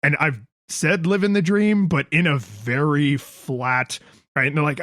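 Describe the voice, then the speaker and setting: A man with a fairly high voice co-hosts a casual podcast, rambling and making fun of himself. He puts on bright, raised voices when he quotes people. The sound is dry and close. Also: unhurried, dry recording. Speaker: podcast co-host. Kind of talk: casual chat.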